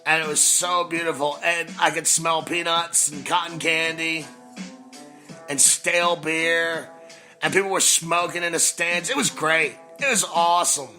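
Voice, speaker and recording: Guy in his 40s hosting a podcast, bright voice, pitch a bit high, faint music under him. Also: fairly even intonation, a little slow. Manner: nostalgic, emphatic, repeats phrases. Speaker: podcast host. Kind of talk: storytelling monologue.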